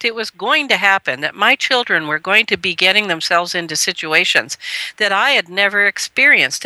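Bright-voiced woman telling a gentle story. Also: dry recording, rough recording. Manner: earnest, gentle storyteller who lifts her pitch when quoting. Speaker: guest, parenting educator. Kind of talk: radio interview storytelling.

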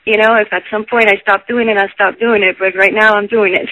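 A woman's voice: mid-range voice, steady tone, moderate pace, dry recording. A woman guest, a stage performer, talking earnestly and rambling with lots of "you know". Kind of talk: casual interview chat. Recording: tinny phone-like line, dry.

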